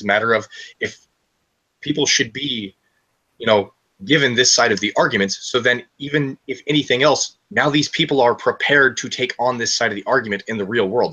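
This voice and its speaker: A man's voice: fairly low pitch, bright, forceful tone, poor audio. A young man telling a long story on a live stream in a casual, profane, ranting way.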